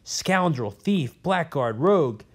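A man's voice: mid-range voice, measured pace, a little mellow, natural voice. A man voicing a mad old gray-bearded male professor locked in a cell, cranky and spluttering with scorn. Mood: ranting.

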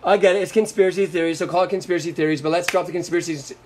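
A man's voice: high-pitched, fairly even intonation, racing, darkish tone, slight background noise. A young man from Florida hosting a live stream, ranting angrily about politics with lots of swearing and sarcasm. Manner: profane, combative, sarcastic. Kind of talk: angry political rant.

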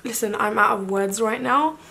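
A young woman, chatting to camera through a makeup tutorial. She gushes excitedly, often gasping and breaking into breathy exclamations. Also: on the high side, normal speed, a little hiss or hum, poor audio. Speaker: beauty vlogger.

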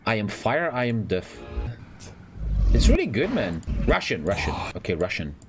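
A man hosting a reaction video, blunt, profane and excitable in casual commentary. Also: fairly low pitch, moderate pace, over music.

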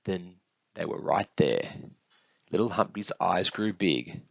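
A man reading a picture book aloud in an expressive, sing-song storytelling manner. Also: low-pitched, takes it slowly, gravelly, no echo. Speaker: storybook reader. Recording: dull, dry close recording.

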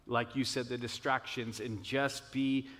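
A man, a pastor and father, speaking warmly, with many fillers like "you know.". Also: mid-range voice, little pitch movement, a little slow, in a large hall. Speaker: pastor, parent. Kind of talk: church video conversation.

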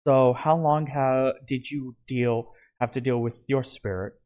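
A man's voice: medium pitch, fairly even intonation, a little slow, phone-quality sound, natural voice. A man voicing an earnest young male hero newly bonded to a wolf spirit, in a storybook reading.

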